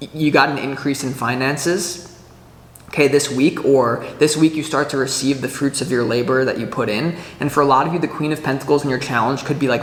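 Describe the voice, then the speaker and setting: Male tarot reader, mid-range voice, rambling and animated, recorded in a reverberant room with a long tail. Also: medium pitch. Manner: chatty and animated, full of "like" and restarts, acts out little scenes. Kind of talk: casual weekly tarot reading to camera.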